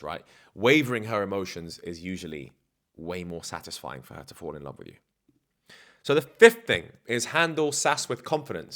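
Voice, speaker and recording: Blunt, low-voiced man giving dating advice. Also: fairly bright tone. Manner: blunt, slangy, self-assured. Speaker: dating coach. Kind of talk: casual advice vlog.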